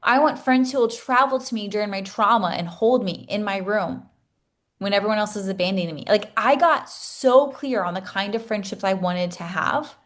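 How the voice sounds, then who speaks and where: Leading a masterclass, a woman coach in her thirties tells her class an earnest personal story in an ordinary mid-range voice that's a bit bright, at a moderate pace. Raw emotion comes through, she frequently stops to restart a thought, and she is tearful at times.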